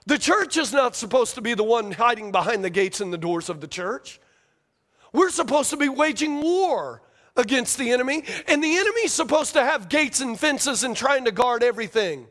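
High-voiced man preaching with rising fervor. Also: sing-song, moderate pace. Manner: conversational preacher, repeats phrases, asks the congregation questions; rises to near shouting at climaxes, drops to hushed tones in prayer. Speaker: pastor. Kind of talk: sermon.

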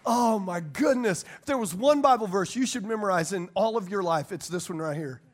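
A male pastor preaching a sermon to a congregation, telling animated, joking stories and laughing often. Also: high-pitched, moderate pace. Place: church service before a congregation.

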